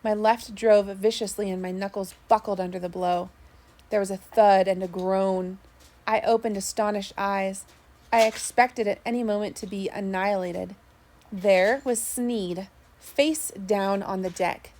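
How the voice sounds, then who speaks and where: A woman narrating a first-person sea story, steady with small slips. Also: mid-range voice, a little slow. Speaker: audiobook narrator.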